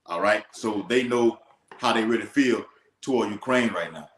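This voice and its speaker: A man's voice: on the low side, moderate pace. A man teaching scripture in an emphatic, preacherly way, checking in with "all right?". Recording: echoey room.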